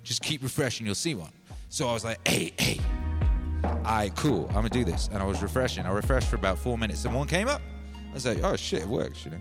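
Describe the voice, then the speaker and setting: A man hosting a livestream, telling a rambling comic story in an animated, slangy way and often calling listeners "baby". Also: fairly low pitch, quick pace, music in the background. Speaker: livestream music host.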